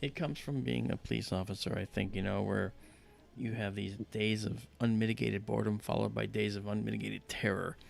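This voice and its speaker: A man hosting a livestream, telling a story in casual chat and acting out quotes in high voices. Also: steady tone, brisk, vocal fry. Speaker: livestream host.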